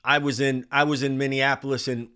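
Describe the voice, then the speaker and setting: A man in his forties hosting a casual livestream, reading chat names aloud in an animated way. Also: mid-range voice, a little fast, clear, resonant tone. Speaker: livestream host.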